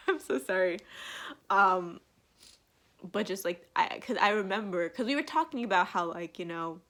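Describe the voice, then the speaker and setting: A woman's voice: medium pitch, animated, a little slow, long pauses, fairly bright tone. A young woman in her twenties gushing in a casual live reaction vlog. She talks with lots of fillers and laughs, teary and close to crying. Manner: gushing, filler-heavy, emotional, breaks into laughs. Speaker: vlogger reacting to an album.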